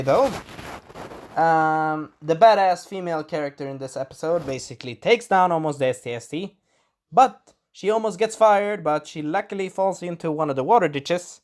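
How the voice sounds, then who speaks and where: A lively, sing-song voice that swoops up and down as it rambles through a casual episode review. The speaker grew up in Sweden, is not speaking their first language, and keeps clearing a scratchy throat. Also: mid-range voice. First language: Swedish. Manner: rambling, enthusiastic, acts out quotes in little voices. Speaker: video reviewer. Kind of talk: casual spoiler review monologue.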